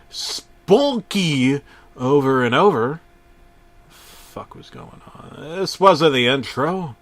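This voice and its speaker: A man narrating a parody horror story in a deadpan voice, breaking into sudden shouted outbursts and swearing. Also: medium pitch.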